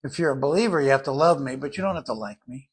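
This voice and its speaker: Husky older man preaching conversationally. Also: mid-range voice. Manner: earnest, conversational Bible teaching. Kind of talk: sermon.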